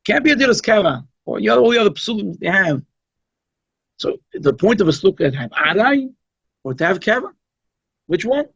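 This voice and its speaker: A man's voice: sits high, sing-song, brisk, creaky, pauses often, a bit bright, breathy edge, dry recording. A man, a rabbi, giving an informal, conversational Chassidic talk at a holiday gathering, emphatic and given to asides. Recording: dull, lo-fi recording.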